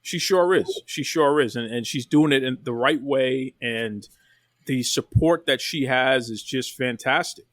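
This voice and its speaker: A man's voice: mid-range voice, measured pace, dry recording. A man hosting a casual wrestling podcast, talking with enthusiasm and often repeating phrases. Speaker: podcast host.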